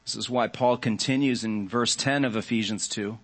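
A man's voice: medium pitch, steady tone. Earnest man preaching a sermon. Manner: earnest, reflective preaching with measured phrasing. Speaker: pastor.

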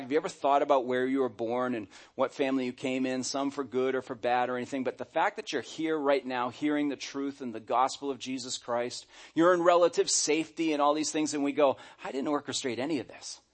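A middle-aged man preaching a sermon as pastor, animated and acting out quoted voices. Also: medium pitch.

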